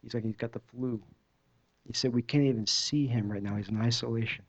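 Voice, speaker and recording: A man's voice: mid-range voice, fairly even intonation, brisk. A man giving a personal testimony at a church service, telling his story in a loose, conversational way with many restarts. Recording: dull muffled recording.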